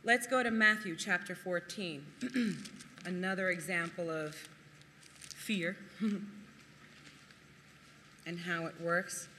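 Animated preacher with a sharp, bright voice. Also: medium pitch, slow, pauses often, long reverb tail, slight background noise. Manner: animated, laughs often, acts out quotes. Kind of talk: sermon with Bible reading.

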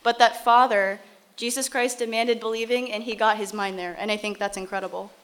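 A woman's voice: on the high side, little pitch movement, fairly quick. A woman teaching from the Bible, reading verses aloud and then explaining them in a casual, conversational way.

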